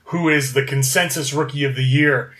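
A man's voice: medium pitch, steady tone, normal speed, a bit bright. A man co-hosting a casual sports podcast, running through stats and correcting himself as he goes. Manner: reads off stats, self-correcting. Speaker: podcast co-host.

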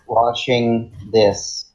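Slow, deadpan podcast co-host man. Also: medium pitch, low-quality recording. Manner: deadpan, dry humor. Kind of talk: casual podcast chat.

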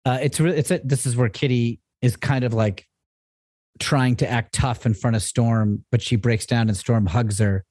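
A man's voice: mid-range voice, steady tone, normal speed, a little mellow, no echo, studio quality. A man co-hosting a podcast, recapping comics casually with a wry, joking manner. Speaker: podcast co-host.

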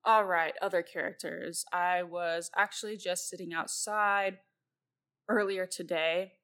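A woman's voice: on the low side, fairly even intonation, a little slow, fairly bright tone. A woman host and novelist talking casually and at length about writing, rambling and laughing often.

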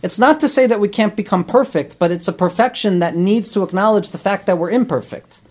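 A high-pitched man gives an earnest spoken lesson. He explains ideas patiently as a rabbi and therapist, dropping Hebrew terms into his sentences. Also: brisk. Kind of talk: talmudic teaching talk.

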